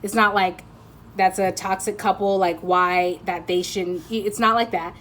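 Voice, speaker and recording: A woman's voice: medium pitch, steady tone, unhurried, a bit bright, a little hiss or hum. Chatty woman giving a tarot reading. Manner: chatty and rambling, laughs often, many fillers. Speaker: tarot reader. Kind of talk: casual intuitive card reading.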